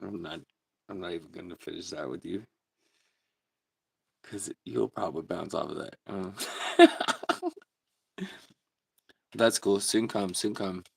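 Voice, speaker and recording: Deep gravelly laid-back man. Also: takes it slowly, long pauses, darkish tone. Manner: laid-back, laughs often, slangy. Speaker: livestream host. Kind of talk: casual livestream chat reading comments.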